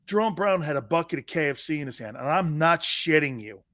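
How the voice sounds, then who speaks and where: Animated and a little fast, this middle-aged sports talk show host is brash and outspoken. He curses freely and flips from loud outbursts to quiet asides.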